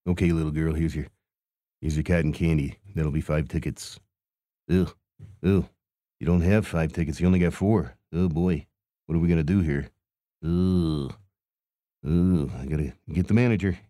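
A man's voice: a bass voice, steady tone, moderate pace, pauses often, dark tone, dry recording, clean studio sound. A man playing a hapless, grumbling carnival cotton candy vendor in an improvised character monologue, mumbling and stammering with groaning sighs.

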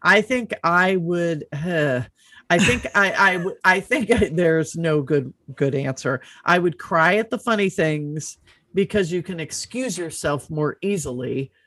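A woman's voice: on the low side, expressive, a little slow, fairly bright tone, dry recording. A woman co-hosting a casual chat, explaining her view at length and playing out little quotes. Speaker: podcast co-host.

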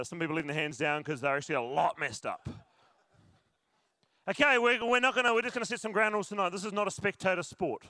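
During a church service, a male pastor delivers his sermon in a bright, high-pitched voice, joking and chatting with the congregation throughout. The audio is dry and close-up, with no echo from the room.

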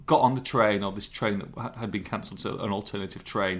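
A man's voice: fairly low pitch, brisk, hardly any pauses, a bit bright. A man, hosting a podcast and telling rambling, self-deprecating stories in casual chat. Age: 40s. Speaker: podcast host.

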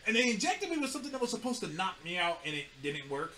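A man with a high voice talks at a quick pace as a podcast co-host, animatedly telling stories in a casual chat. He laughs often and swears freely, with slight background noise.

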